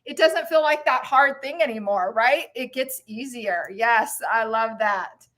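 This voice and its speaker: A woman's voice: a little high, a little slow, a bit bright. A middle-aged woman hosting a live stream, cheering her viewers on with laughter while jogging in place, a little out of breath. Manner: enthusiastic, cheering, laughing often. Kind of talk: upbeat motivational live chat.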